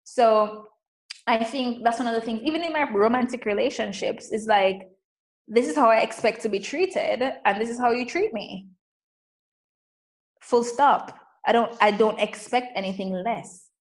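A woman coach speaks in an emphatic, animated way during a casual interview. Her voice sits fairly high, and she often fills her talk with "like". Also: normal speed, poor audio. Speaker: coach and guest.

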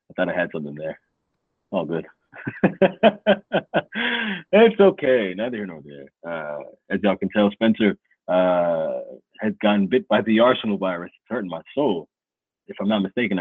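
A man with a lowish, husky voice hosts a loose football podcast. He talks in a playful, hype-man way, and the sound comes through thin and phone-like with no room echo. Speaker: podcast host. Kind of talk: casual sports podcast chat.

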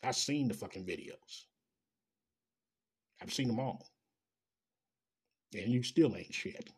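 A man in full rant, swearing through nearly every sentence and dripping with sarcasm. His voice is husky and breathy, sitting at an ordinary middle pitch for a man. He talks straight at his audience, heated and scornful. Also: animated, slow, darkish tone. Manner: angry, profane, sarcastic. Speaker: commentator. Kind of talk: ranting commentary.

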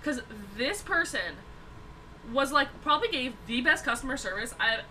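A woman's voice: high-pitched, lively intonation, normal speed, bright, forceful tone, far from the mic, a little hiss or hum, poor audio. A young woman co-hosting a podcast in casual, chatty talk, laughing often and swearing freely. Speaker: podcast co-host. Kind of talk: casual chat.

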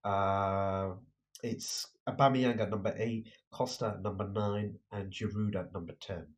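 A man's voice: on the low side, fairly even intonation, a little slow. Passionate young man ranting about football. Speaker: podcast co-host. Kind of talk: casual football chat.

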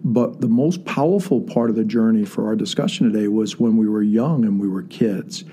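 A man's voice: fairly low pitch, normal speed, dark tone, a little hiss or hum. A man telling a personal story in a casual, earnest way with many fillers. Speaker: guest storyteller.

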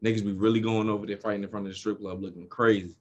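A man's voice: fairly low pitch, level tone, rapid-fire, a little mellow, lo-fi sound. A man with a New York accent in casual chat, blunt and profane, telling stories animatedly.

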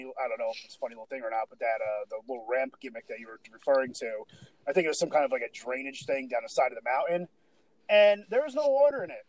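A man's voice: mid-range voice, rough recording. Opinionated man in a movie chat. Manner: opinionated, emphatic. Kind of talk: casual movie discussion.

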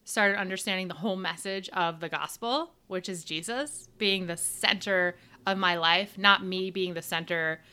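A woman's voice: on the low side, normal speed, hardly any pauses, bright, forceful tone, smooth. A woman co-hosting a faith podcast, speaking earnestly in casual conversation. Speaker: podcast co-host. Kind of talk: casual chat.

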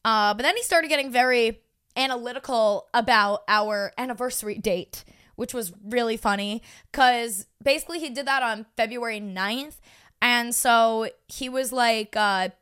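A woman in her twenties casually telling a story on a podcast, animated and swearing freely as she acts out what people said. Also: a little high, moderate pace, clear, resonant tone. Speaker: podcast co-host.

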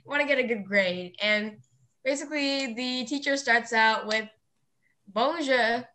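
A teenage girl co-hosting a podcast, telling her story in lively casual chat. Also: a little high, measured pace. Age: teens. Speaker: podcast co-host.

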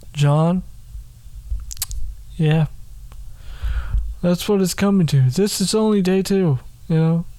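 Dude rambling alone on his podcast late at night in his room, slow, swears a lot, makes fun of himself. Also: sits high, darkish tone. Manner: rambling, self-mocking, sweary. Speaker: podcast host. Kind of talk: rambling solo podcast monologue.

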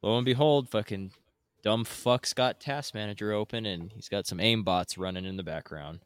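A man's voice: lowish voice, normal speed, clean tone. A man on a casual gaming podcast, ranting and swearing constantly.

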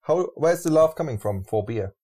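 Mellow-voiced host with a lilt. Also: male voice, a little high, lively intonation, normal speed, breathy edge. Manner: chatty, playful, short backchannels. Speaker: podcast host. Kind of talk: casual podcast chat.

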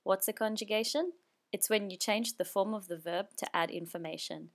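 A woman's voice: medium pitch, normal speed. A woman teaching a language lesson, explaining patiently and repeating each phrase twice. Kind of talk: slow spoken language lesson.

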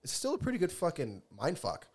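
A man's voice: a little high, wildly swooping pitch, brisk, darkish tone, husky. A man co-hosting a casual podcast chat who swears freely, laughs often and rambles loosely. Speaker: podcast co-host.

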